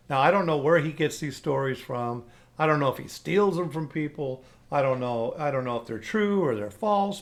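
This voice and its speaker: A middle-aged man telling a folksy story casually, animated with sound effects. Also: fairly high pitch, creaky.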